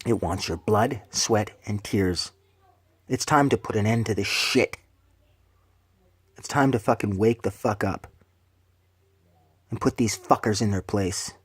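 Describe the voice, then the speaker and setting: A man's voice: unhurried, long pauses, slightly rough, no room sound. Man, vlogger, furious preachy ranter, heavy swearing, dry close sound. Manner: angry, profane, preachy ranting; swings between shouted bursts and low hushed lines. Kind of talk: angry rant to camera.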